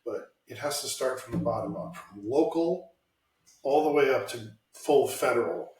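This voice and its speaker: A man's voice: medium pitch, animated, normal speed, a little mellow. Guy ranting about politics, swears a lot, roomy echo, a bit far from the mic. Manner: blunt, ranting, swears freely. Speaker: podcast host. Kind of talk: casual political chat. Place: home room, lives in Washington state.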